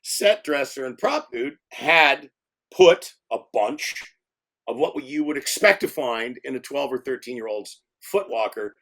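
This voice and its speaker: Older man, film director, casual storytelling, lots of ums and restarts, animated. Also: mid-range voice, measured pace. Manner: rambling, many fillers and restarts; animated when telling stories.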